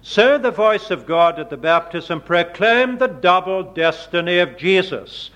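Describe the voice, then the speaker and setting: A man preaching a sermon, slow and deliberate, leaning hard on quoted words. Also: high voice, lively intonation, fairly bright tone. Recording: dull lo-fi sermon recording.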